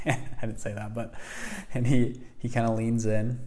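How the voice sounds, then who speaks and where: A young man telling a personal story in a lively way, acting out the voices of the people in it. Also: medium pitch, normal speed. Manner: animated, acts out quoted voices. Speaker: fund founder telling his story.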